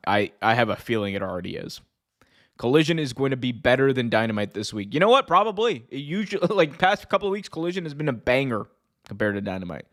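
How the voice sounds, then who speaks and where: Excitable man chatting about wrestling shows. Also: mid-range voice. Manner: excitable, heavy use of "like". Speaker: podcast host. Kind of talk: casual chat.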